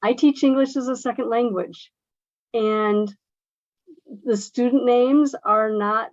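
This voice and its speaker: An ESL instructor, a woman with a slightly high voice, speaks slowly in a workshop discussion, earnest and emphatic, with lots of fillers. The recording is lo-fi with no echo.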